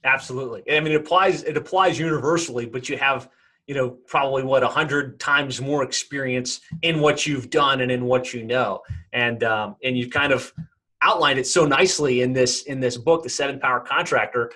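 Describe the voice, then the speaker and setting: A man's voice: medium pitch, fairly quick, sharp tone. A man hosting a podcast, earnestly introducing his guest, with a lot of filler words and restarts. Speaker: podcast host. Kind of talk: interview introduction.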